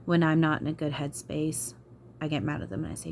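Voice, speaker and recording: Low-voiced frustrated woman vlogging. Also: fairly quick, gravelly, noisy background. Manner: frustrated, sighing, swearing. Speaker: spiritual channeler. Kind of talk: emotional vlog talk.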